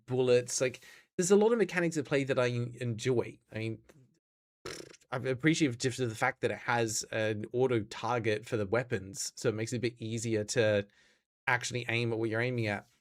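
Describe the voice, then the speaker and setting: An Australian man streaming games, chatting casually and answering his chat as he plays. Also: mid-range voice.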